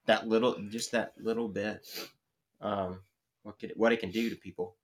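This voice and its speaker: A man with a somewhat low voice talks casually on a podcast, rambling and hesitant. He restarts his sentences and fills gaps with ums and likes. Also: normal speed. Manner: excitable, laughs often when telling the story.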